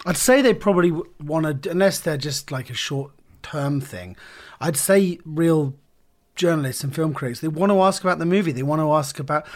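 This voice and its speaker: A British man co-hosting a comedy podcast, telling rambling, animated anecdotes in casual chat. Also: a little high, moderate pace. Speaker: podcast co-host.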